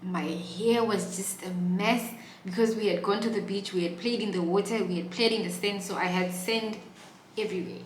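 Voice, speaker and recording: A woman's voice: medium pitch, steady tone, moderate pace, a little hiss or hum. Young woman vlogger, dramatic storyteller with big swings in volume; a roomy, echoey sound with faint ambience behind. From Namibia. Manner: dramatic, swings from hushed asides to loud exclaiming. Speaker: YouTuber telling a story. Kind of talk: animated storytime vlog.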